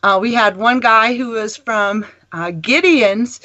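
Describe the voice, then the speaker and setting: A woman guest on a ministry talk show, telling stories in a lively, rambling way and laughing often. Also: on the high side, takes it slowly, no echo, lo-fi sound. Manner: animated storytelling, laughing often. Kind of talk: casual chat.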